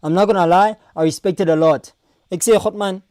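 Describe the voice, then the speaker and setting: Loud man reacting on stream. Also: high voice, a little fast, no room sound, studio quality. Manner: loud, animated, crude banter with put-on voices.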